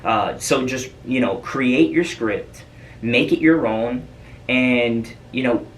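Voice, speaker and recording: A man's voice: medium pitch, slow pace. Guy coaching sales reps, rambly and chatty, kinda far from the mic w/ faint hiss. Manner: loose and chatty, many fillers and repeats. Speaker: freight broker trainer. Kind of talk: casual coaching monologue.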